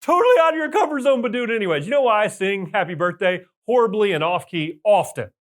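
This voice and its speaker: Man, high voice, motivational business coach, energetic, loud bursts, emphatic repetition. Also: fast. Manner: emphatic repetition of key points. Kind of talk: motivational talk to camera.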